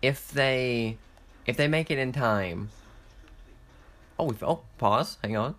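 A young man giving casual, excitable commentary while playing a strategy game, swearing often and laughing through his restarts. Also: mid-range voice, takes it slowly. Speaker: gaming content creator.

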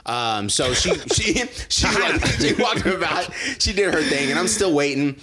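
A man's voice: a little high, a little slow, a loud crowd. A man telling a story in casual chat with friends, laughing often and acting out the people in it. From Los Angeles area. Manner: animated, laughs often, acts out voices in stories.

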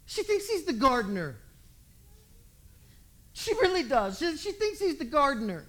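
A preacher retelling a story in a lively, conversational way, with humor and sudden jumps in loudness. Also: high-pitched, measured pace. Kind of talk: storytelling sermon.

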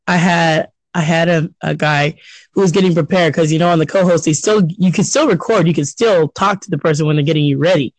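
Man, podcast co-host, slightly high voice, animated storyteller, dry mic. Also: a little fast, dry recording, low-quality recording. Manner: animated storyteller, laughs often, acts out quotes. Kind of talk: casual chat.

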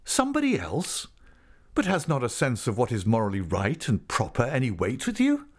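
A man voicing an insistent, hot-tempered gentleman suitor who questions forcefully. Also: medium pitch, huge pitch swings, a little fast, pitched above the performer's own voice.

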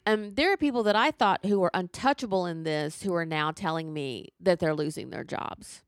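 Profane ranting woman, low voice. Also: moderate pace, no echo, clean studio sound. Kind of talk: ranting casual chat.

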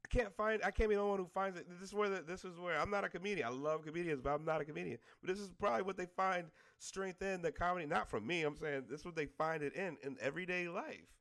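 High, gravelly-voiced man ranting. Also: fast, hardly any pauses, fairly bright tone. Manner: blunt, exasperated, heavy swearing. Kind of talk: profane casual rant.

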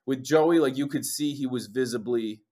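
A young man, a lead singer, chatting casually as an interview guest, an animated storyteller who swears often and acts out what people said. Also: medium pitch, moderate pace. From New Jersey.

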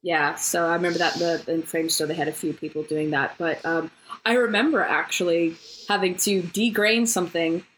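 A woman's voice: lowish voice, steady tone, moderate pace, fairly bright tone, slight background noise, poor audio. Chatty woman co-hosting a podcast. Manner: chatty, many "like" fillers, laughs easily. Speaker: podcast co-host, former compositor. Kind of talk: casual chat.

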